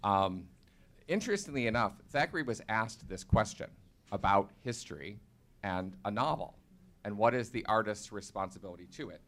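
Lower-voiced man joking on a panel. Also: normal speed. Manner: relaxed, self-deprecating humor. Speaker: faculty panelist. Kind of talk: panel talk.

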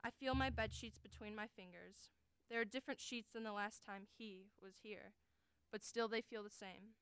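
A young adult woman giving an earnest, deliberate dramatic reading of first-person prose as a college forensics performer. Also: medium pitch, fairly even intonation, fairly bright tone, smooth, no echo. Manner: earnest, deliberate, emotionally weighted delivery.

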